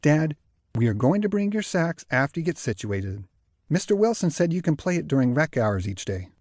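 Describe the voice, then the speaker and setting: A man's voice: a little high, big pitch swings, a little mellow, dry recording, clean studio sound. A man voicing a weary but patient adult daughter, speaking firmly and reassuringly. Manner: firm, reassuring, slow.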